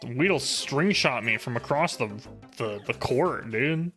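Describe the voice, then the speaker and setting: A man streaming a game, chatting casually with jokes, swearing and excited outbursts. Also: medium pitch, measured pace, faint music behind. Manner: joking, excitable, swears often. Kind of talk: casual let's-play commentary.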